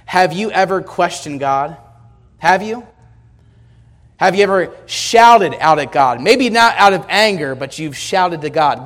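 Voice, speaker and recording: A man preaching a sermon in a church, emphatic and calling out questions to the congregation. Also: high-pitched.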